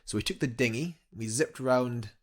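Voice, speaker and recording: A man's voice: medium pitch, moderate pace. A young man, a guest climber, telling a story eagerly in a casual interview, rambling with fillers and restarts.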